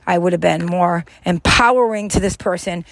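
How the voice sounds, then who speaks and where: A woman's voice: on the low side, normal speed, creaky, dry recording. A woman giving a casual motivational talk to camera, emphatic and repetitive, often acting out little scenes in quoted voices. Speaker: life skills vlogger.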